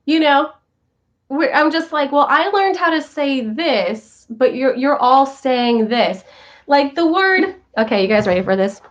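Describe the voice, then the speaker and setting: A young woman from the northern United States chats casually with her viewers in a high, bright voice. She tells stories with lively quoted voices. The recording sounds a little dull and lo-fi. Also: unhurried. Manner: chatty, animated storytelling with quoted voices. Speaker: show host.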